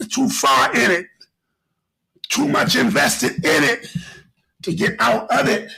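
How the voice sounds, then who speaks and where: Gravelly, animated podcast host. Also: male voice, very high-pitched, poor audio. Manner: animated, preachy, repetitive riffing. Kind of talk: casual podcast monologue.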